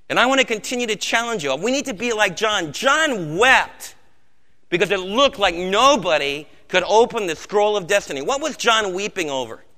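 An American man preaching a sermon with passion, swinging between loud outbursts and hushed low tones. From United States. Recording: long reverb of a large hall.

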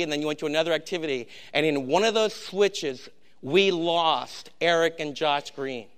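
A middle-aged male pastor preaching a sermon, telling a personal story and swinging between hushed moments and loud, emphatic passages. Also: a little high, clean tone.

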